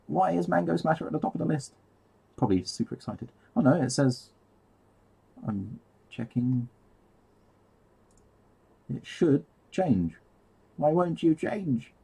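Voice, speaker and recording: A man's voice: medium pitch, animated, unhurried, vocal fry, pauses often, dark tone, husky. A man rambling casually on a live stream while painting, easily sidetracked and laughing at himself.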